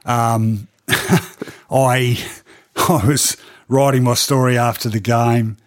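A middle-aged Australian man recounting his years as a sports journalist in a relaxed interview. His voice sits at a medium pitch, and he speaks animatedly, with frequent ums and laughs. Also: takes it slowly. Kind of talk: animated storytelling in a podcast interview.

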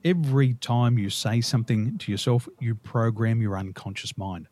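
An Australian man, a guest on an interview, telling lively stories and laughing through them. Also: medium pitch, normal speed. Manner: animated, laughs through his own stories. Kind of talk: casual storytelling interview.

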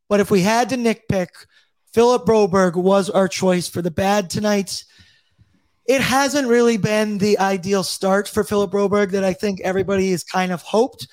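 A man hosts a casual hockey talk show with a bright, high voice. He keeps things upbeat, reading out viewers' chat comments and passing the floor to his co-hosts. His voice sounds dry and close to the mic. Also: dry recording. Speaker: podcast host.

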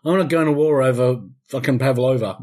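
Male co-host, husky, wry, loose-mouthed banter. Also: medium pitch, brisk, a little mellow. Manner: wry, swears casually, laughs often. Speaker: radio co-host. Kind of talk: casual banter.

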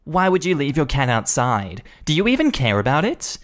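A man voicing an entitled, condescending woman neighbor in a shrill, scornful voice. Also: huge pitch swings, normal speed, fairly bright tone.

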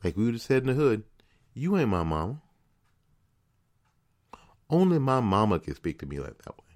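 A man's voice: mid-range voice, sing-song, quick pace, a little mellow. A man hosting a podcast, delivering a political commentary monologue in an indignant, emphatic way, firing off rhetorical questions and repeating words as he builds his point. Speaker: podcast host.

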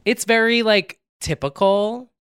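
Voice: medium pitch, measured pace, fairly bright tone, clear, resonant tone. A podcast co-host chatting casually, with a dry, offhand and joking manner. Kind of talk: casual chat.

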